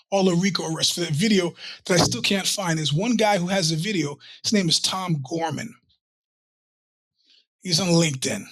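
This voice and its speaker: A man hosts his own podcast in a loose, rambling monologue, cutting himself off and swearing often. His voice is forceful and bright with a husky grain, pitched a bit high for a man. The sound is dry and close. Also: no room sound. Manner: rambling, profane, self-interrupting. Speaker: podcast host. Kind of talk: casual monologue.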